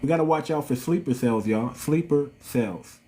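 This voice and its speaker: A man with an African American English accent rants through a livestream monologue, his voice sitting a little high. He preaches and repeats himself, calling his viewers family. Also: moderate pace, warm tone. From United States. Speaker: channel host.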